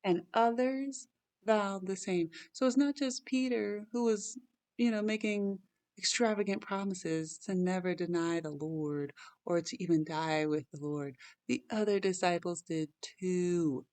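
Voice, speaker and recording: A woman hosting a casual Bible chat, reading scripture aloud and then talking through it in an excited, wondering way with lots of "like" and "right?". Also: on the low side, a little slow, clear, resonant tone.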